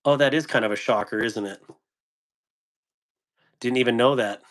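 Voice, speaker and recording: A man's voice: medium pitch, normal speed. A man hosting a casual live stream about knives, rambling, chuckling often and answering viewers' chat. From United States. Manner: laughing, rambling, reading chat. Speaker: knife channel host on a live stream.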